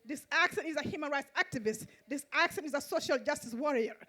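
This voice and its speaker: A woman with a Mauritanian accent, a native Fulani speaker, reciting a spoken-word poem in a measured, rhythmic way on an outdoor festival stage. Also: sits high, bright, forceful tone. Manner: measured, repetitive rhythmic delivery. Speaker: poet and event host.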